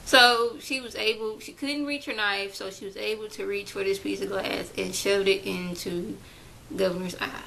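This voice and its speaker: Gravelly, bright-voiced woman recapping casually. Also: mid-range voice, moderate pace, a little hiss or hum, rough recording. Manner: chatty and animated, briefly acting out characters' lines in her own voice. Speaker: vlogger recapping a TV episode.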